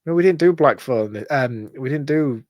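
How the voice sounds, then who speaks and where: A man's voice: mid-range voice, animated, normal speed, darkish tone. A man co-hosting a podcast in casual chat, laid-back and easily stumped, often laughing. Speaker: podcast co-host. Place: podcast studio.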